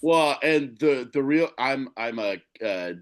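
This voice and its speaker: A man's voice: mid-range voice, expressive. A man appearing as a guest on a podcast, chatting casually and enthusiastically about being a sports fan. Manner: enthusiastic, quick asides with laughs. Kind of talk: casual chat.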